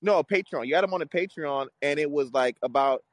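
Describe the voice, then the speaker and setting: A man's voice: on the high side, a little fast, slight background noise. A man calling in to a podcast, joking and rambling in loose slang. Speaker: caller. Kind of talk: casual call-in chat.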